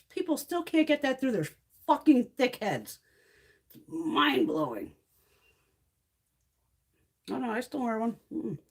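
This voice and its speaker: A middle-aged woman chats on her makeup live stream at home, cursing freely as she tells her stories. Her voice sits a little high and swoops up and down with lively energy, and laughter keeps breaking into her talk. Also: slightly rough. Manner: blunt, heavily profane storytelling. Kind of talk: casual chat.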